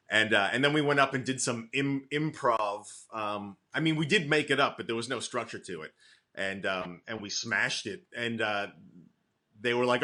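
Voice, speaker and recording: A middle-aged man from the Boston area spins a comedy-club story in a bright, forward voice. He jumps into the quotes and keeps things moving in easy, casual chat. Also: mid-range voice, fairly quick. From Boston area, USA. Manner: animated anecdotes, acts out quotes, laughs often. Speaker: comedian guest.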